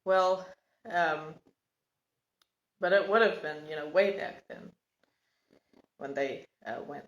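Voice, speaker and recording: Halting, reflective woman in an echoey room. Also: low voice, dull audio. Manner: halting, reflective, searching for words. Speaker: podcast host sharing personal story. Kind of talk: casual reflective monologue.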